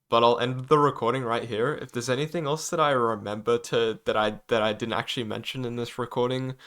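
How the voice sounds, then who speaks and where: A man's voice: mid-range voice, a bit bright, clear, resonant tone. A young man giving an unscripted opinion vlog about a game, hesitant and apologetic, stammering often and using many fillers. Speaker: gaming YouTuber.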